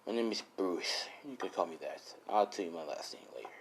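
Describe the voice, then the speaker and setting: A man voicing a gruff older male swordsman, calm and blunt, in a low, quiet voice. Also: brisk, slight background noise.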